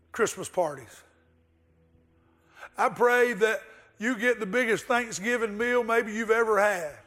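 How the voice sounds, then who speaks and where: A man's voice: high voice, a bit bright. A male pastor delivering an earnest sermon, with rhetorical questions and a told story.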